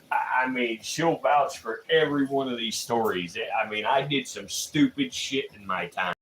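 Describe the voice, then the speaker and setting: A man's voice: medium pitch, a bit bright. A man casually telling rambling, profanity-laced stories on a livestream, laughing often between lines. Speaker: livestream host. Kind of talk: casual storytelling. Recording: echoey room with faint ambient noise.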